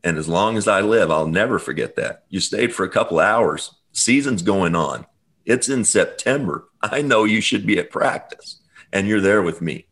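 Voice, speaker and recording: A middle-aged man hosting a podcast, speaking in a heartfelt, emotional and halting way. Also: fairly low pitch, expressive, fairly bright tone, husky. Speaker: podcast host. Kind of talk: podcast interview.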